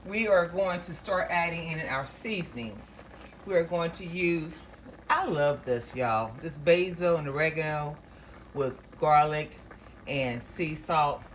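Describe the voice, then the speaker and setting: A woman with a deep voice walks through a recipe step by step in a relaxed, homey way, calling her viewers y'all. Her kitchen carries a faint hum with boiling behind her. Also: a little slow. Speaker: cooking show host. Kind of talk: casual cooking demonstration. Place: home kitchen.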